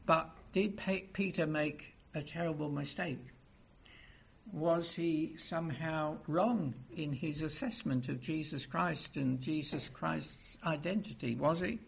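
A male preacher delivering a sermon in a slightly high voice. He draws his listeners in with rhetorical questions and builds to emphatic, rising passages. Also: takes it slowly, gravelly, husky.

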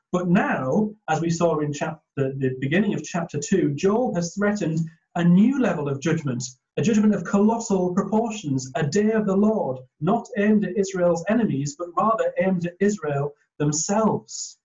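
A man delivers a sermon with earnest emphasis, pressing hard on key phrases. His voice sits a little high for a man. The recording sounds dull and lo-fi. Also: a little mellow. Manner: earnest, emphatic preaching with restarts. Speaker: preacher.

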